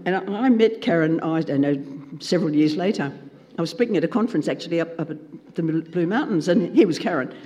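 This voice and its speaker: A man with an animated storytelling manner, acting out dialogue as a Christian speaker. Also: high voice. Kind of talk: storytelling talk. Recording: long reverb in a hall.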